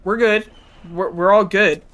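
A man streaming a game, chatting casually with his chat, excitable and profane, with a cold. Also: high voice, measured pace. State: has a cold. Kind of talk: casual gameplay commentary.

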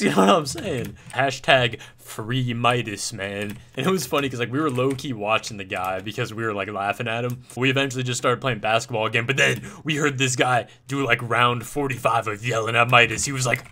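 Bright-voiced young man telling stories. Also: mid-range voice, animated, brisk, few pauses. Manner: laid-back, filler-heavy banter. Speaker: gaming YouTuber. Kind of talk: casual storytelling over gameplay.

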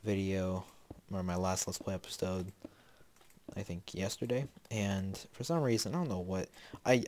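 A man's voice: low voice, darkish tone. A man giving casual gameplay commentary as a Let's Play host, rambling and talking to himself with lots of fillers, a bit sniffly from a slight cold.

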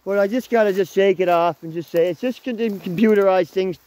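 A man in his thirties vlogging while hiking through the woods, excitable and swearing freely, talking to his dog as he goes. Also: sits high, fairly quick, dry recording. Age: 30s. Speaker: outdoors vlogger. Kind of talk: casual walking vlog. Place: outdoors in woods.

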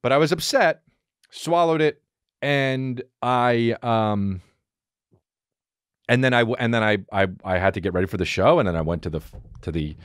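A man hosting a podcast, telling rambling stories in a profane, animated, casual monologue. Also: medium pitch, moderate pace, long pauses, smooth, no room sound, clean studio sound. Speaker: podcast host.

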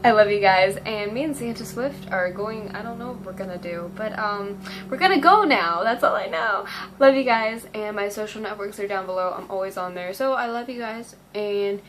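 A woman's voice: mid-range voice, moderate pace, a bit bright, soft background music, low-quality recording. A teenage girl vlogging casually, rambling and gushing with lots of ums. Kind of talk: casual fan vlog.

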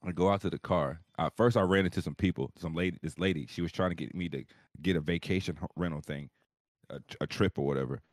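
A man's voice: deep voice, fast talker, dry recording. A man co-hosting a podcast over a video call, telling a long profane story in casual chat. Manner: rambling, profane, animated storyteller. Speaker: podcast co-host.

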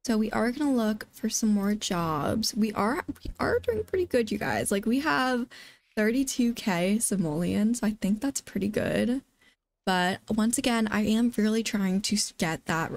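A woman giving casual, excitable gameplay commentary as a let's play host, often exclaiming. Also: medium pitch, a little slow.

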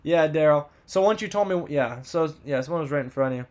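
A man hosting a live card box break, rattling off buyer names and teams in quick upbeat banter while losing his voice. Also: fairly high pitch, expressive, darkish tone.

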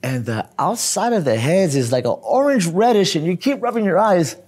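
A young man telling profane, animated stories in street slang during an interview. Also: high voice, normal speed. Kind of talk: casual storytelling.

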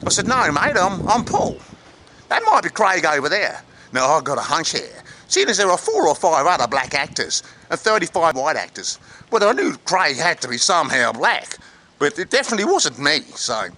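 A man's voice: a little high, sing-song, normal speed, sharp tone, slight background noise, pitched below the performer's own voice, poor audio. A man playing a brash Aussie actor. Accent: Australian. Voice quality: brash, slangy. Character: brash male Australian actor in London. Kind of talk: comic spoof vlog.

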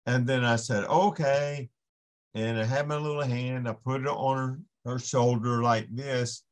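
A man's voice: medium pitch, steady tone. A man, a ministering guest on a faith podcast, telling a personal story and acting out the voices in it. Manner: unhurried storytelling, acts out the voices in his story. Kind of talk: casual storytelling testimony.

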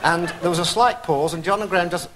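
A man who is a talk show guest, telling stories in an animated, self-mocking way and often laughing. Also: on the high side, fast, a little hiss or hum. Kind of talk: anecdotal storytelling on a talk show.

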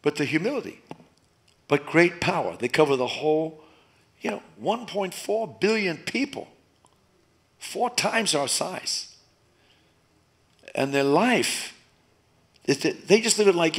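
A man preaching a sermon as pastor, shifting between loud emphatic passages and quiet, hushed moments. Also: on the high side, a little slow, long pauses. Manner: animated preaching, rising loud and dropping to soft.

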